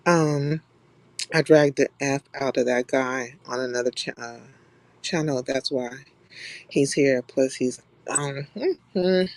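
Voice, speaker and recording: A woman's voice: rumbling low, slow pace, darkish tone, no room sound. A young woman from California hosting a live stream in blunt, profane, casual chat, laughing often. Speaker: livestream host.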